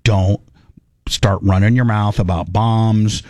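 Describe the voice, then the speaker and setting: A man's voice: on the low side, steady tone, slow pace, a little mellow, dry recording. A man telling a long funny story in casual chat, rambling and acting out the people in it. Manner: rambling, acts out quotes, laughs while telling.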